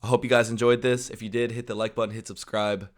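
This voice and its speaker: Brief: American male reactor, lowish voice, laid-back slangy chat. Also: fast. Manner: relaxed, says bro and like, trails off quietly. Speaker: YouTube reactor. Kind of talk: casual reaction commentary.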